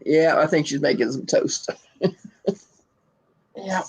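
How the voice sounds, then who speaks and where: A woman's voice: sits low, slow, a little mellow, breathy edge, rough recording. An older woman hosting a casual chat, easygoing and rambling, chuckling often. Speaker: host.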